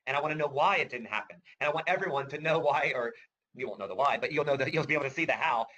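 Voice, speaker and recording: A man's voice: medium pitch, very fast, bright, forceful tone, highs cut off. A middle-aged man giving a webinar as a trading course instructor, chatty and enthusiastic, often asking "right?" and chuckling. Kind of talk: webinar presentation.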